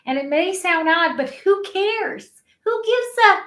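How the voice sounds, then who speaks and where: A woman life coach leading an energetic online session, cheering people through spoken affirmations. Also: extremely high pitch, slow, echoey room. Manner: upbeat, encouraging, leads chanted affirmations. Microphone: webcam.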